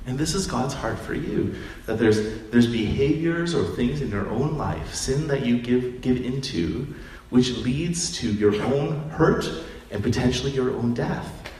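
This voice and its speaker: A man preaching a sermon in a conversational, animated storytelling manner, acting out quotes. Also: medium pitch, unhurried. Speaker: pastor. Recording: roomy hall, distant mic, faint ambience.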